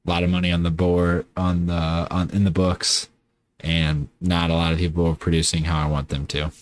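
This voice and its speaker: A man's voice: sits low, level tone, normal speed, slight background noise. A man casually talking through his baseball video game season, rambling and correcting himself as he goes. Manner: rambling, self-correcting, offhand. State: tired. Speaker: gaming YouTuber.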